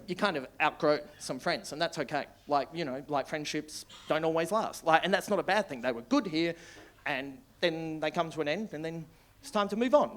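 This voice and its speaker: A man with an Australian accent doing live stand-up, rambling through stories and tagging lines with "right?". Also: fairly high pitch. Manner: rambling storytelling with many "right?" tags and laughs. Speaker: stand-up comedian. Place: small comedy club with live audience.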